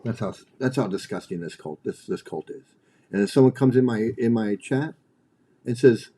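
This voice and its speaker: A man's voice: lowish voice, normal speed, dark tone, slightly rough. A middle-aged man hosting a livestream, ranting bluntly and profanely, often repeating and restarting his phrases. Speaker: livestream host.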